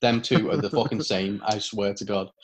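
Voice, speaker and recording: A man's voice: on the low side, flat delivery, moderate pace. A man co-hosting a casual wrestling review podcast, ranting and swearing, often breaking into laughter. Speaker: podcast co-host.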